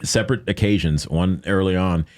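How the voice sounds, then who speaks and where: A man telling a story as a podcast guest in casual chat, lively and jokey, often acting out what people said. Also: normal speed, no room sound. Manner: animated, acts out quoted lines in a higher voice; jokey, conversational with many fillers.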